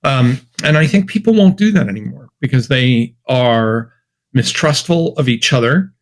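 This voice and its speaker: A man's voice: mid-range voice, expressive, normal speed. A man from Massachusetts, an academic guest on a podcast, talking in a chatty, wry, anecdotal way. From Massachusetts, USA. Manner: chatty, anecdotal, wry, with many fillers and restarts. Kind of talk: podcast interview conversation.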